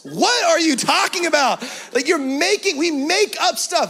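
A man preaching a lively sermon in very casual, slangy language. His voice sits unusually high for a man. He builds into loud, emphatic shouts to drive his points home. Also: a little slow, few pauses. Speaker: pastor.

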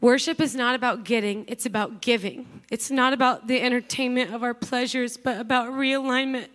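A woman in her thirties preaches to a young crowd in a high, lifted voice. She talks fast and loose, drifts into asides and fillers, then surges with excitement. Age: 30s. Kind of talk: casual youth sermon.

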